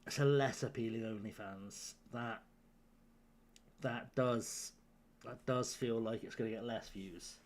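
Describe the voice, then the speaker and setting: A man's voice: medium pitch, steady tone, measured pace. A man chatting casually and tiredly at home on a late-night game stream, joking with his chat and laughing often. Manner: joking banter with chat, frequent laughter, rambling. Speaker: live-streaming gamer.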